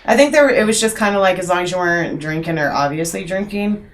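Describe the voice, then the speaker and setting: A woman's voice: fairly low pitch, fast. A middle-aged woman co-hosting a podcast, telling long rambling stories and swearing freely in casual chat. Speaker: podcast co-host.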